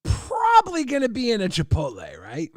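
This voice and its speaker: A man's voice: high voice, wildly swooping pitch, normal speed, no room sound, studio quality. A man hosting a livestream, telling a boisterous, profane, exaggerated comic story to his chat. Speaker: livestream host.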